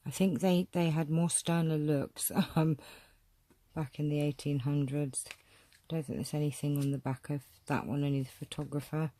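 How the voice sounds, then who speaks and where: Woman, low and mellow, easygoing show-and-tell chatter, keeps clearing her throat. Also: level tone, normal speed, dry recording. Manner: chatty, musing aloud, frequent throat clearing. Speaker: vlogger showing a photo collection. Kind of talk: casual show-and-tell commentary.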